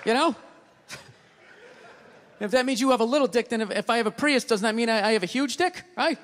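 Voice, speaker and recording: A man doing a stand-up comedy routine on a theater stage, ranting and swearing, swinging from mutters to shouts. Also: very high-pitched, fairly quick. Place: large theater stage with live audience. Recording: live hall with audience.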